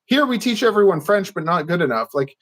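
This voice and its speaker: A man's voice: high-pitched, very animated, brisk, a bit bright. A man chatting as a podcast guest, rambling and laughing often as he acts out little quotes. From Canada. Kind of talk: casual chat.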